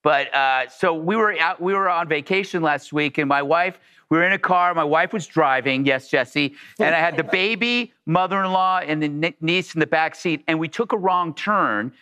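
A man's voice: a little high, normal speed, few pauses, clean tone. A man in his thirties hosting a casual chat, telling stories and acting out the people in them. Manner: animated storyteller, acts out quoted voices. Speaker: host.

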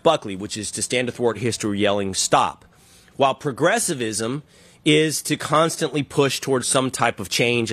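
A man hosting an interview, laying out his argument slowly with analogies and asking his guest to respond. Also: mid-range voice, fairly bright tone. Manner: thoughtful, builds arguments with analogies. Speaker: podcast host. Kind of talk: conversational interview.

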